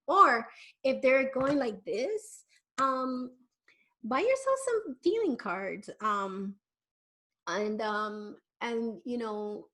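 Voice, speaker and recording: A woman with a fairly high voice gives parenting advice in a live question-and-answer session. She talks conversationally and sometimes slips into playful voices for children and parents. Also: expressive, drawn-out words, fairly bright tone. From Miami.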